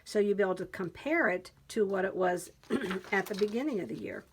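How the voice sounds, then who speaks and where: A woman vlogger with a mid-range voice speaks fairly quickly and animatedly, with slight background noise, as she flips through a new planner. Chatty and enthusiastic, she describes each page and reads quotes aloud.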